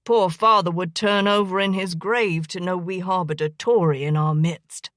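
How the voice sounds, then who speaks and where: A woman's voice: lowish voice, fairly even intonation, moderate pace, a bit bright, dry recording, clean studio sound, close to an everyday voice. A woman doing a bantering young brother-in-law. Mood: teasing. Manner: mock-formal banter. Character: jovial young man, the husband's teasing brother.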